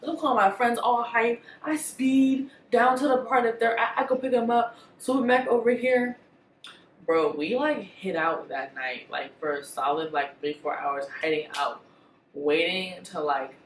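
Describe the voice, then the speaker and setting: A woman's voice: sits low, fairly bright tone, reverberant, distant mic, a little hiss or hum, low-quality recording. Blunt, profane woman telling a storytime. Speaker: vlogger. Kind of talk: storytime vlog.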